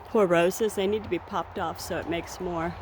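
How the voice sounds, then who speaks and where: A woman's voice: lowish voice, steady tone, normal speed, a little hiss or hum. A woman chatting casually in a vlog while walking outdoors through her garden, rambling and laughing now and then, a little out of breath. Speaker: vlogger.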